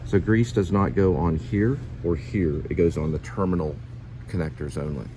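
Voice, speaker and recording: A man's voice: low-pitched, normal speed. A man narrating his vlog outdoors by his car, careful and repeating details back as he goes. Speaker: vlogger, customer. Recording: loud outdoor noise.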